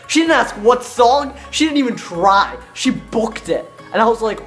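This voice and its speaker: A man's voice: high-pitched, animated, normal speed, few pauses, soft background music. A young man vlogging in a loose, jokey ramble, full of slang. He sounds nervous and out of breath, tripping over his words as he laughs off his own panic. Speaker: YouTube prank channel host. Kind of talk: casual vlog chat.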